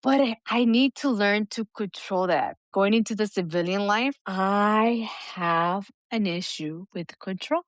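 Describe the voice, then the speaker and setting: A woman co-hosting a casual podcast, her pitch sitting mid-range for a woman. She talks candidly and swears freely, jumping high and animated when she mimics others. The sound is dry and close, with no room around it. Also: a little slow, few pauses, dry recording. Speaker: podcast co-host.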